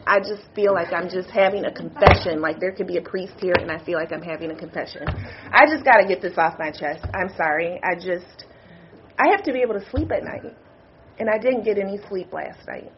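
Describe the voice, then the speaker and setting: A woman's voice: on the low side, lo-fi sound, a little hiss or hum. A woman on a university board, crying as she gives an emotional, apologetic statement at a public meeting. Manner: emotional, apologetic, tearful confession. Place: meeting room.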